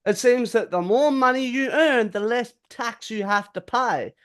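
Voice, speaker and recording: A man's voice: very high-pitched, measured pace, fairly bright tone, clear, resonant tone. A man co-hosting a podcast, talking casually, agreeing and swearing. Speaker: podcast co-host. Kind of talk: casual chat.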